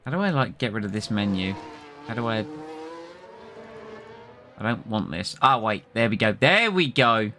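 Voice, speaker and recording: A man's voice: on the low side, expressive, normal speed, pauses often, noisy background. A man streaming a racing management game, chatting casually and reacting aloud to the game and his chat. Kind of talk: casual live-stream commentary.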